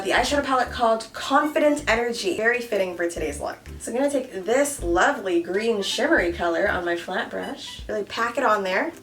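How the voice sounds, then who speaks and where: A woman's voice: mid-range voice, distant mic. A woman in her thirties with a Canadian accent, chatting casually and jokingly through a makeup tutorial. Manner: playful, joking, animated. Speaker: beauty vlogger.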